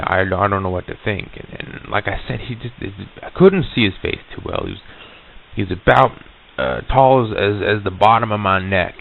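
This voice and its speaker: A man with a very low, gravelly voice recounts an eerie encounter, halting and restarting as he goes. The sound is thin and phone-like, as if from an old reel-to-reel tape. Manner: halting, full of restarts and stutters. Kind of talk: first-person storytelling.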